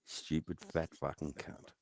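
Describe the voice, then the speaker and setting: A man's voice: extremely low pitch, flat delivery, measured pace, vocal fry, darkish tone. A man in a profane, taunting rant, firing goading questions at someone. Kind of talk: angry rant.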